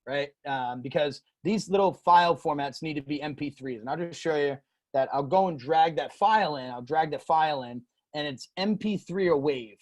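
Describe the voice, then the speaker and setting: Rambling man giving a casual software tutorial. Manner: loose and rambling, full of fillers and "boom". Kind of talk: casual screen-share tutorial.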